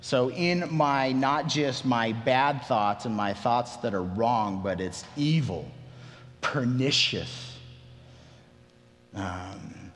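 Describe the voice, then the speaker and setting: A man preaching a sermon as pastor, emphatic and animated, often restarting his phrases. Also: mid-range voice, takes it slowly, big-room sound.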